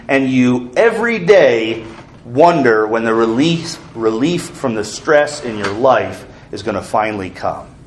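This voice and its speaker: A man's voice: medium pitch, slight background noise. A man preaching an earnest sermon as pastor, asking the congregation questions.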